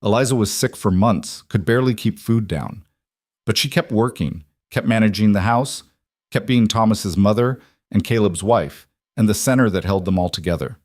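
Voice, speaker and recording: A man reading a frontier love story aloud as a narrator, in a steady storytelling manner. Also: lowish voice, moderate pace, no echo, studio quality.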